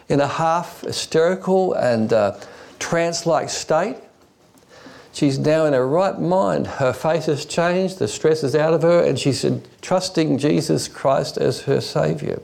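A man's voice: a little high, measured pace, vocal fry, a little mellow. A male preacher giving an expository sermon, telling stories along the way with frequent restarts and fillers.

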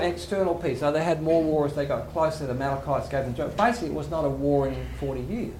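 A man's voice: medium pitch, fairly quick, a little mellow. A male pastor giving a conversational sermon, acting out quoted voices, with faint background noise.

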